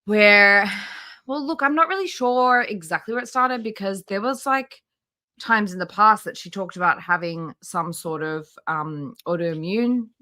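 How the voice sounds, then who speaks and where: A woman hosts a relaxed livestream with a bright, forward tone. She chats easily, greets viewers one by one and laughs often. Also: mid-range voice, a little slow. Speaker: livestream host. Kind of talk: casual livestream commentary.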